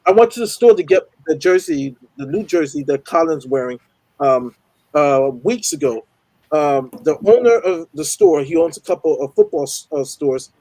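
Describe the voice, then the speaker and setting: A man's voice: on the high side, sing-song, normal speed, vocal fry, warm tone, dry recording, low-quality recording. A man on a football podcast telling a casual anecdote, hesitant and full of ums. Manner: hesitant, lots of ums and restarts.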